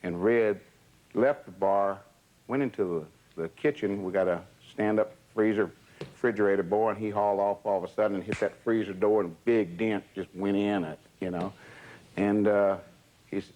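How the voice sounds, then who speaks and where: An older man, telling stories in an interview in a measured, plainspoken way. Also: on the low side, steady tone, a little mellow, rough recording. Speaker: interviewee, former entourage member. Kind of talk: storytelling reminiscence.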